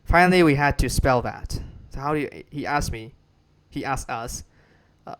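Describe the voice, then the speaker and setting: A man's voice: mid-range voice, moderate pace. Burmese-accented man teaching English pronunciation. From Myanmar. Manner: repetitive, restarts phrases, drills words for copying. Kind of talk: casual spoken lesson.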